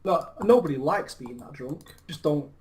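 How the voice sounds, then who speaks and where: A man's voice: fairly high pitch, lively intonation, normal speed, darkish tone, slight background noise. A young English man chatting over a game, telling stories in a laddish, boastful, swearing way. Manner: laddish, boastful storytelling with laughs. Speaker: co-host. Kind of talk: casual chat over gameplay.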